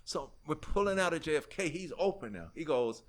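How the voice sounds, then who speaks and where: A man's voice: on the high side, brisk. A middle-aged man with a New York accent, a rapper telling a long story as a podcast guest, acting out the voices of other people and swearing freely. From United States. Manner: animated storyteller who acts out dialogue, swears freely. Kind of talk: storytelling in a casual interview.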